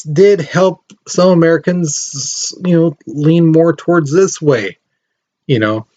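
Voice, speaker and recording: A man's voice: a little high, measured pace, a little mellow, lo-fi sound. A man teaching a recorded history lesson in a casual, rambling way, with lots of fillers.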